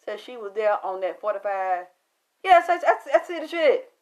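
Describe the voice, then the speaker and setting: A woman telling a story about a spiritual reading to an audience in a casual, animated way, full of cursing and sudden excited jumps in pitch. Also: normal speed, dull audio. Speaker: spiritual medium recounting a reading.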